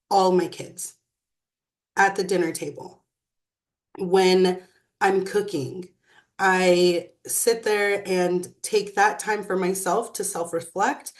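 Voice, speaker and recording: Slow, earnest mother speaking reflectively. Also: medium pitch. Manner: earnest, measured, with thoughtful pauses. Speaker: mother and emotional wellness speaker. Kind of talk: reflective personal talk.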